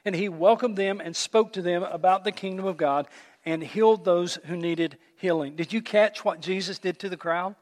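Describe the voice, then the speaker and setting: Animated high-voiced male pastor preaching. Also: long reverb tail. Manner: animated storytelling, rhetorical questions to the congregation. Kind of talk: sermon.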